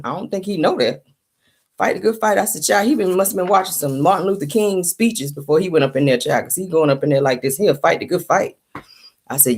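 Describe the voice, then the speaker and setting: A woman's voice: fairly low pitch, brisk, darkish tone, slightly rough. A woman hosting a casual celebrity gossip show in a sassy, chatty way, calling her listeners honey and child, still sleepy from just waking up. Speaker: host.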